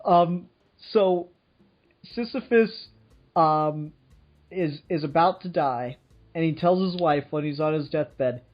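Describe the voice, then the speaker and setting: A man's voice: a little high, takes it slowly, faint music behind. A man co-hosting a casual chat, retelling a myth in a rambling, profane way and laughing as he goes. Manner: rambling, profane, laughs while telling a story. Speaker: podcast co-host. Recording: dull lo-fi sound.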